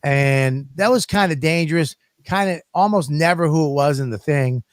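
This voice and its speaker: A man with a fairly high voice tells crude stories in a loose, rambling way, swearing all the time. He sounds close to the mic in a dead-dry room with no echo at all. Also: moderate pace. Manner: crude, profane, rambling storyteller. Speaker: podcast co-host. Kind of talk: casual comedic chat.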